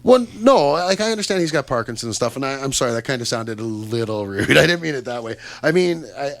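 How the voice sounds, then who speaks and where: A man's voice: mid-range voice, expressive, fast, creaky, a bit bright, no room sound. A Canadian man hosting a casual radio chat show, upbeat and chatty with lots of fillers and asides. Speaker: radio host. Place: radio studio.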